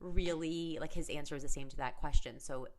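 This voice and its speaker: Woman host with a very low voice, casual and reflective, interviewing a family member. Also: brisk, darkish tone. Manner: reflective, many filler words. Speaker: podcast host. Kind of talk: casual podcast conversation.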